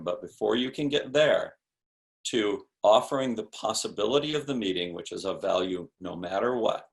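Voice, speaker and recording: A man's voice: lowish voice, vocal fry. A man speaking as a sales expert guest in a podcast interview, explaining in an emphatic, punchy coaching tone with rhetorical questions.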